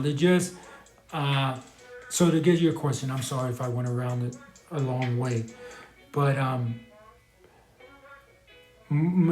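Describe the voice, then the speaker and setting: A man's voice: mid-range voice, darkish tone, echoey room. A man talking casually on a live stream, rambling and hesitant, with many restarts and apologies as he answers a question. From New York.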